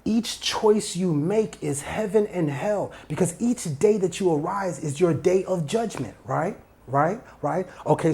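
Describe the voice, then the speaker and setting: A man's voice: on the high side, warm tone. Man musing in a casual solo podcast. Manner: repetitive, emphatic, digressive street-casual talk. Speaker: podcast host. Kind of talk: solo motivational podcast monologue.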